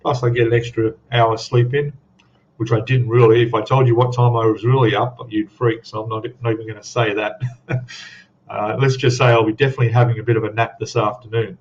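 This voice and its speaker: A man's voice: mid-range voice, flat delivery, a little fast, dull audio. A man hosting a live stream about scale models, chatting casually in a rambling, self-deprecating way with lots of ums and trailing asides. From Australia. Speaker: scale modeling livestream host. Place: home hobby room.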